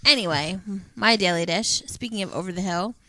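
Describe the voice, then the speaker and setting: A woman's voice: on the low side, a little fast, heavy background noise. A woman in her thirties co-hosting a casual podcast, telling family stories with lots of laughter. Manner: animated storytelling, laughs often, acts out family quotes. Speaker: podcast co-host. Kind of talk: casual chat.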